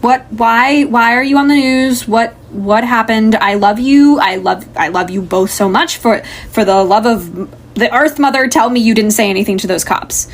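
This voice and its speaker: Woman voicing a fretful, fast-talking mother in a tabletop game; a near-plain voice, slight noise behind. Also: a little high, lightly acted. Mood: anxious. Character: worried middle-aged mother, talks fast.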